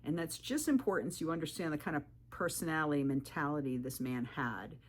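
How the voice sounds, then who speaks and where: Animated woman with a low voice. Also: a little fast. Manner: animated, jumps up in pitch when quoting; firm and direct. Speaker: thru-hiker vlogger. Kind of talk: storytelling vlog advice.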